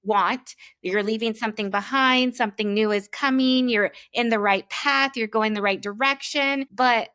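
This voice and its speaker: A woman's voice: on the high side, normal speed, sharp tone, dry recording. Dry-sounding woman podcast host. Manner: upbeat, casual, frequent "like". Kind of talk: conversational interview.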